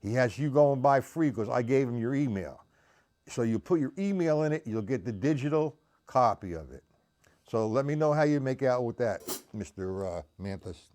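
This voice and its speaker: A man teaches drums over a live stream, counting triplets out loud and chatting casually with viewers by name. His voice sits at an ordinary middle pitch, and drums sound around him as he plays. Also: lively intonation, normal speed. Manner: counts beats aloud, chats with viewers. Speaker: drum teacher. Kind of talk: live-streamed drum lesson. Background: drums played while talking.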